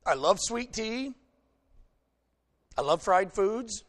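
A man from the American South preaches in a folksy, animated way, teasing the congregation between points. His voice sits high for a man. He swings from loud emphasis down to quiet storytelling. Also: slow pace. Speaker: pastor. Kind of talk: sermon.

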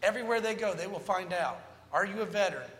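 A man's voice: sits high, fast talker. A man telling a humorous personal story as part of a sermon, jumping between jokes and moral lessons. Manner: animated, joking anecdotes with moral lessons. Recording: long reverb of a large hall.

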